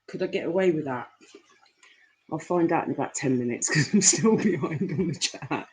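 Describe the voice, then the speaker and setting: A woman's voice: deep voice, expressive, moderate pace, pauses often, a little mellow, slightly rough, rough recording. A woman hosting a live stream, chatting casually and affectionately to viewers as she reads their messages, rambling with fillers. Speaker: livestream host reading chat.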